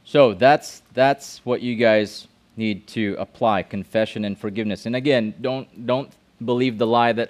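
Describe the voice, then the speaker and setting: A middle-aged man preaching to young people in a loose, conversational way. He keeps asking the room questions, repeats his words and restarts his sentences as he goes. His voice sits at an ordinary middle pitch. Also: steady tone, measured pace. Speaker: pastor. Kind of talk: youth sermon with audience questions.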